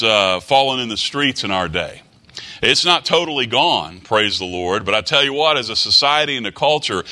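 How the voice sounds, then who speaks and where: Bright-voiced man preaching a sermon. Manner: reads scripture aloud in old-fashioned wording; rises and drops in pitch for emphasis.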